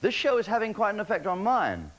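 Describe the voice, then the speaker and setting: A man's voice: sits high, wildly swooping pitch, quick pace, a bit bright, low-quality recording. A man hosting a TV talent show, presenting acts with wry, mock-flustered jokes. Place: TV studio.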